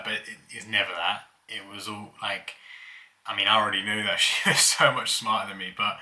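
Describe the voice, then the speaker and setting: A man's voice: fairly low pitch, steady tone, fairly quick, bright, forceful tone. A young man casually telling childhood stories, laughing as he goes. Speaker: vlogger. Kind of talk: casual storytelling.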